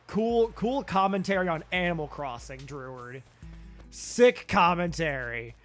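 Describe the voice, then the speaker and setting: A man's voice: a little high, animated, a little slow, soft background music. A tired man rambling through casual gameplay commentary on a stream, goofy and profane, talking mostly to himself. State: tired, yawning.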